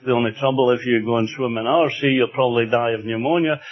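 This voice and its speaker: Husky older-sounding preacher, lo-fi sound. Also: male voice, mid-range voice, steady tone. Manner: earnest, unhurried preaching with rising emphatic passages. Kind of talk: sermon. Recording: dull lo-fi recording.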